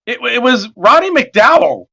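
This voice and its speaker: Guy in his 40s rambling on a stream, high voice bouncing all over, swears a lot. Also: unhurried, creaky, slightly rough. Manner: animated, rambling, profane storyteller. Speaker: artist streaming his work. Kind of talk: casual chat.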